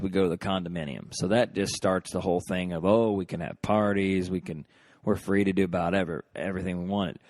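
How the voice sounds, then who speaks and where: Brief: deep-voiced male podcaster, rambling and sheepish, dry close sound. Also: a little mellow, no room sound. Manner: rambling, self-deprecating, many fillers. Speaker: podcast host. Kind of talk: casual solo reminiscing.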